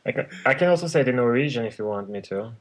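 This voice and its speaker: A man's voice: medium pitch, animated. Podcast guest: man, Farsi native, laughs easily, teasing and loose. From Norway. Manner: playful, laughs often, fast in his native tongue. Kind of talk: casual podcast chat.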